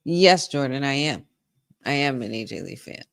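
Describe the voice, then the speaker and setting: A woman hosting a live watch-along stream, reacting excitedly to the action and talking to her viewers. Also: extremely low pitch, normal speed, gravelly.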